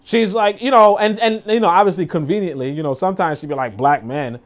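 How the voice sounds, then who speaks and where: A man's voice: sits high, quick pace. A man commenting casually on a clip, rambling with many fillers. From New York. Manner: rambling, filler-heavy, acts out quoted voices.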